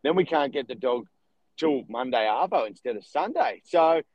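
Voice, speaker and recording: Brief: young male co-host, animated storyteller, mid pitch, dry close mic. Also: normal speed, no echo, muffled recording. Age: young adult. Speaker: podcast co-host, real estate agent. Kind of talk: casual chat.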